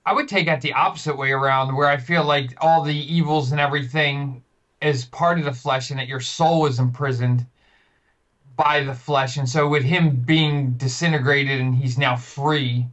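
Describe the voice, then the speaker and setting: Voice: mid-range voice, fairly even intonation, moderate pace, a bit bright, highs cut off. A man co-hosting a casual film podcast, making dry, self-deprecating jokes.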